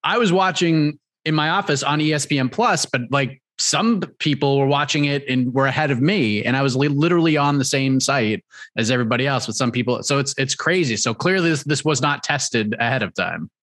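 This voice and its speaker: A man hosting a casual interview, excitable and animated, often repeating his words. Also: medium pitch, brisk.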